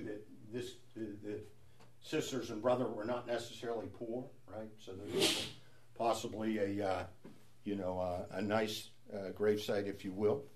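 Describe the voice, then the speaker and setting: A man leading a Bible study, explaining scripture in a conversational way and often asking rhetorical questions. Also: fairly low pitch. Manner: conversational, asks rhetorical questions with frequent "right?".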